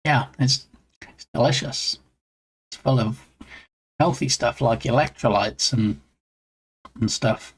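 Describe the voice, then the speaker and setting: While working on his game during a live stream, a man chats casually and answers viewers with self-deprecating humor. His voice is medium-pitched and slightly breathy, and he talks slowly with long pauses.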